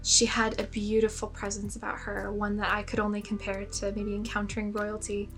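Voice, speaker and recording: A woman's voice: mid-range voice, completely flat delivery, brisk, fairly bright tone, soft background music. A young woman telling a personal story in a casual vlog, chatty and self-mocking, full of "like" fillers. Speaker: spiritual storyteller.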